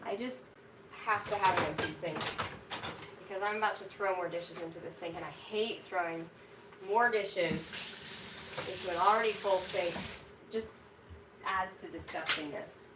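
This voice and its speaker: A woman's voice: on the low side, measured pace, long pauses. Chatty woman in an echoey kitchen. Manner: chatty, rambling, lots of "like". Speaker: cooking vlog host. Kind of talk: casual chat to live viewers. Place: home kitchen, indoors. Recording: roomy kitchen, distant mic, audible background noise.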